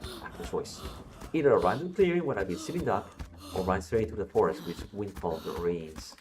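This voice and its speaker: A man's voice: deep voice, expressive, brisk, background noise. A man streaming a game, reading its story text aloud and talking back to the characters with swearing and jokes. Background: game music.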